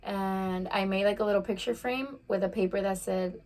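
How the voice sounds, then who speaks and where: A woman in her twenties telling a personal story on a casual vlog while eating, talking fast with lots of "like" fillers. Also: medium pitch, steady tone, a little mellow. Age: 20s. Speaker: vlogger.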